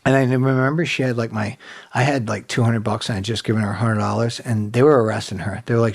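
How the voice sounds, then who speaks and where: A man's voice: mid-range voice, fast talker, creaky, husky. A middle-aged man, a podcast guest, telling stories casually, swearing often and slipping into impressions. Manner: animated, swears a lot, slips into impressions. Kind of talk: casual storytelling.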